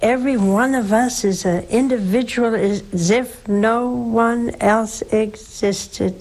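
Slow, emphatic nun hosting a faith show. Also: female voice, a little high, steady tone, darkish tone, rough recording. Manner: slow, emphatic, with rhetorical questions. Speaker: religious TV host and nun. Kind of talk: devotional teaching and call-in advice.

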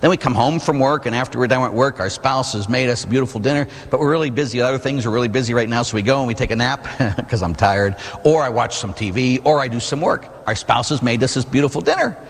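A man, a Catholic priest, preaching an animated sermon that asks the listeners questions, recorded in a church. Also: medium pitch, fast talker, breathy edge. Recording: long reverb in a large hall.

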